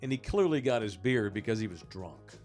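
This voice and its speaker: A man hosting a sports podcast, telling a story in a casual, animated way, swearing and acting out the voices of the people in it. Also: fairly low pitch, brisk, soft background music. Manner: animated, profane, acts out the people in his story. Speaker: podcast host.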